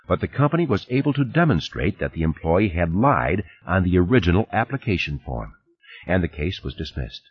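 A man's voice: sits low, breathy edge, lo-fi sound, full character voice. A man reading a composed woman lawyer. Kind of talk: audiobook reading.

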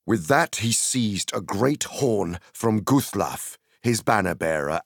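A man reading an audiobook aloud in a slow, dramatic storytelling manner, with a gravelly voice. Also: lowish voice, no echo, clean studio sound. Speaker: narrator. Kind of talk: audiobook narration.

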